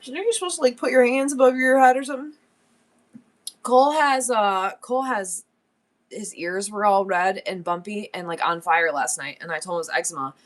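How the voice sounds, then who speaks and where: A woman's voice: mid-range voice, brisk. Chatty woman selling antiques on a livestream. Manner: chatty and rambling, laughs often. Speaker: live-stream seller. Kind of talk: casual live-stream selling chat.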